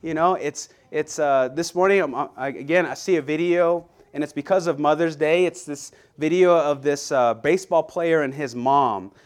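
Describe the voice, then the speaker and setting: A man preaching a Sunday sermon to his congregation, his voice a little higher than most men's. He talks in an earnest, conversational way, often restarting his sentences, and he slows down to read scripture with care. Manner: reads scripture aloud slowly and deliberately.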